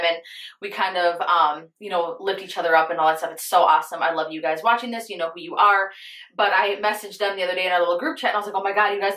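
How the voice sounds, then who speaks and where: A woman's voice: on the low side, pushed and bright. A young woman beauty vlogger chatting to viewers while getting ready, telling an earnest personal story and calling her audience "you guys". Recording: roomy echoey room.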